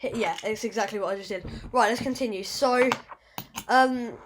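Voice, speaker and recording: A woman's voice: fairly high pitch, moderate pace, background noise. A woman hosting a casual podcast, rambling and fumbling over her words with self-deprecating asides. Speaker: podcast host.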